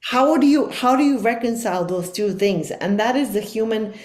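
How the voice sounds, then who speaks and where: A woman's voice: on the high side, normal speed, darkish tone, roomy sound. A middle-aged woman speaking as a life coach guest on a podcast, talking in an earnest, reflective and emphatic way. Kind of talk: podcast conversation.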